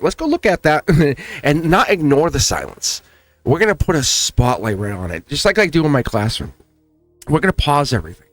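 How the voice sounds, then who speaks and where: A man hosting a spiritual tarot talk, speaking in an animated way with lots of repetition and frequent laughs. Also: mid-range voice, no echo. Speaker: tarot reader and channel host.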